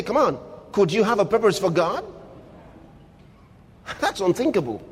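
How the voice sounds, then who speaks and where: Male preacher, husky high voice, long hall echo. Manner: emphatic, preaching with sharp swings in pitch and loudness. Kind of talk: sermon.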